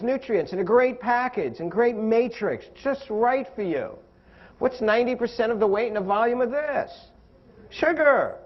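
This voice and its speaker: A man's voice: high-pitched, dull audio. A man giving a live health lecture with props, playful and often quizzing his audience. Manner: playful, asks the audience questions. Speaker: physician assistant lecturer.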